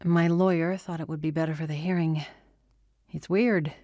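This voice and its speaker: A woman voicing a weary, gentle father in jail, speaking softly and resignedly in an audiobook. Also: deep voice, fairly even intonation, normal speed, no room sound, clean studio sound, lightly acted. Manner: soft, resigned, reassuring.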